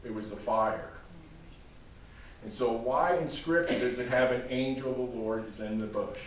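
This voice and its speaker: A man's voice: mid-range voice, normal speed. Man preaching in an echoey hall. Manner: emphatic, addresses congregation directly. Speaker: pastor. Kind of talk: sermon. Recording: very echoey room, distant mic, faint noise.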